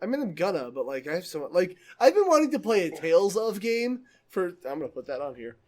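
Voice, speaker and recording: A young man hosting a casual podcast, excitable and foul-mouthed, laughing often as he tells stories. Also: high-pitched, quick pace. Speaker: podcast host.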